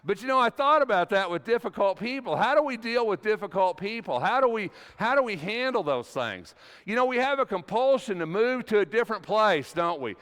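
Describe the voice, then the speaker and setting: Preaching a sermon in a church sanctuary, a middle-aged man shares a personal story in a folksy, conversational way, often restarting his sentences. His voice is high, animated, brisk, and fairly bright, carrying a big-room sound.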